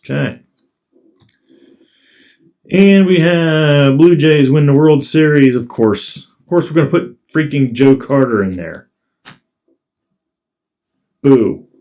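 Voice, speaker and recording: A man's voice: on the high side, unhurried, pauses often, a little mellow. A man casually commenting as he opens trading card packs, reading off each card in a laid-back way. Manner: laid-back, reads off cards as he goes. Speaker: card collector opening packs.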